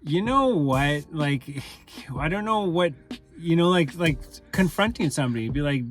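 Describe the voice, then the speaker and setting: Rambling, candid man with raised pitch. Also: lively intonation, a little slow, faint music behind. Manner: rambling, candid, many fillers and restarts. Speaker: channel host. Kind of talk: casual personal monologue.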